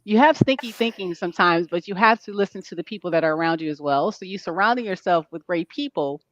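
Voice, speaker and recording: A woman's voice: lowish voice, animated, fast, fairly bright tone, no echo, lo-fi sound. A woman hosting a casual interview, encouraging and affirming her guest as she asks questions. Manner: encouraging, frequent affirming fillers. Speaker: interview host.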